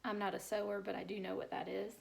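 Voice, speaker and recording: A woman teacher, slowly sounding out word parts in a phonics lesson for young children and praising them. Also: medium pitch, little pitch movement, slight background noise. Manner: slow, clear sounding-out of word parts, encouraging.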